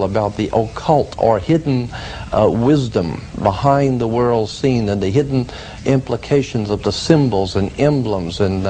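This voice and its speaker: Mellow-voiced man telling a personal story. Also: medium pitch, a little hiss or hum. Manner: earnest, repeats himself for emphasis. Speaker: guest telling his story. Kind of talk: first-person storytelling in a talk program.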